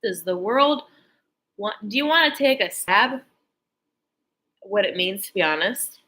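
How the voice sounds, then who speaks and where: A woman's voice: medium pitch, animated, a little slow, sharp tone. A woman vlogger talking in an intense, rambling, profane monologue full of fervent religious talk. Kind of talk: emotional spiritual monologue.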